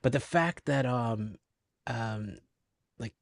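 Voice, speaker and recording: A man hosting a casual fan discussion, halting and laughing with many restarts. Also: mid-range voice, gravelly, no room sound, studio quality. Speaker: show host. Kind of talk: casual chat.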